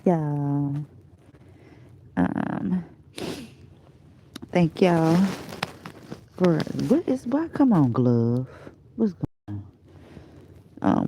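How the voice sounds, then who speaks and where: A woman's voice: low-pitched, vocal fry, dark tone. A tired woman vlogger chatting casually to her viewers, rambling and drifting into whispers. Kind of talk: rambling casual live chat.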